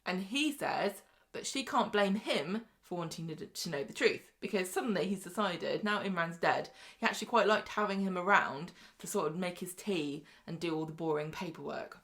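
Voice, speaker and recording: A woman's voice: lowish voice, fairly bright tone. Chatty woman recapping a soap. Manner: chatty storyteller, quick quoted asides, often laughing. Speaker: podcast co-host. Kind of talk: casual soap-opera recap chat.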